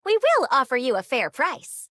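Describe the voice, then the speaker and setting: A woman with an American accent voicing a businesslike female mercenary in a game, giving even-paced voice lines. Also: high voice, moderate pace, full character voice. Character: Fire Whistle, adult woman mercenary escort, businesslike. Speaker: game character voice line.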